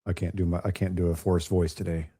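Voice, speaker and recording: A raspy, hoarse man with a lowish voice calls a pool match from a quiet room at home. His tone is dark and mellow, and he keeps chatting and joking with the viewers between shots. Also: flat delivery, quick pace. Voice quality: raspy from a chest cold. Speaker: remote pool commentator. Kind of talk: casual live commentary.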